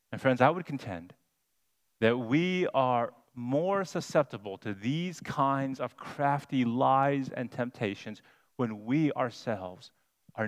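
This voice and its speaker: A man preaching a sermon as pastor, deliberate and emphatic, stressing single words. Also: mid-range voice. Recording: long hall reverb.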